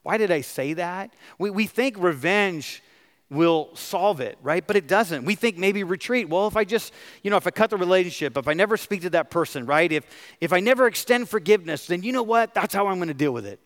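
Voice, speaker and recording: A man's voice: high voice, expressive, fairly quick, a bit bright. A middle-aged man, a pastor, preaching a sermon and asking his congregation questions. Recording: long hall reverb.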